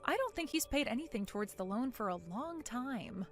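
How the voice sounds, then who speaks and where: A woman's voice: a little high, lively intonation, normal speed. A woman playing a cool, mocking young wife. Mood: matter-of-fact. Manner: soft, cool, sarcastic. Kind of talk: animated story voice acting. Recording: faint music underneath.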